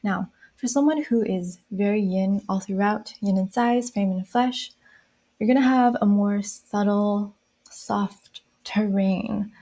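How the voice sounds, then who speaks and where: A woman explaining a style system in a lesson, speaking softly and listing qualities one phrase at a time. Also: mid-range voice. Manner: slow, soft-spoken, listing qualities one by one. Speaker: style educator.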